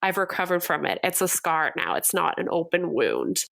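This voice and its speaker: A woman's voice: fairly low pitch, big pitch swings, moderate pace, creaky, a bit bright. A young adult woman from Montreal, a guest copywriter, talking candidly in an earnest, coaching tone in a casual podcast conversation. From Canada, Montreal.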